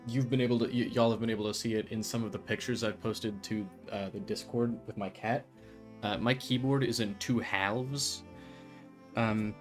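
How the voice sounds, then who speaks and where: Streaming a video game, a man with a mid-range voice chats casually and jokes as he rambles. He stumbles over his words and breaks into loud, excited bursts.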